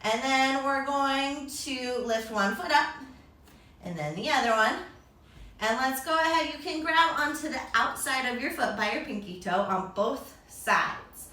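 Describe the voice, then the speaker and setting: A woman's voice: high-pitched, lively intonation, unhurried, sharp tone. A young woman leading a children's yoga lesson, upbeat and encouraging, making animal sounds along with the poses. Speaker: kids yoga teacher. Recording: echoey room, distant mic.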